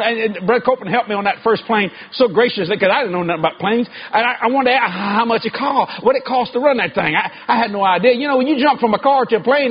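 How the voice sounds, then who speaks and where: Male preacher, very high voice, emphatic sermon, dull lo-fi sound with faint hiss. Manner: emphatic, shouting at peaks. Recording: dull lo-fi recording with faint noise.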